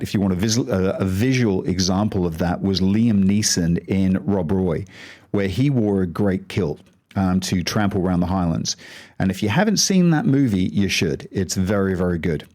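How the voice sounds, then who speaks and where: A man's voice: fairly low pitch, darkish tone. A man hosting a podcast, talking about history in a casual, chatty way that wanders off on tangents. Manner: chatty, digressive, rates things out of ten. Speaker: podcast host.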